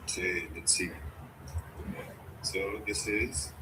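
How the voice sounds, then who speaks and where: A man's voice: low-pitched, slow pace. A man hosting a casual live trading stream, answering viewer questions bluntly and offhand. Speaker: livestream trading host. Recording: loud background noise.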